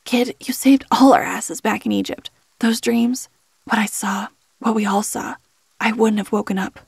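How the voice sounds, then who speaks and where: A woman voicing a gruff, loyal veteran male team supervisor who talks bluntly. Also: fairly high pitch, steady tone, normal speed, no echo, heavily acted. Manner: blunt, calls everyone kid.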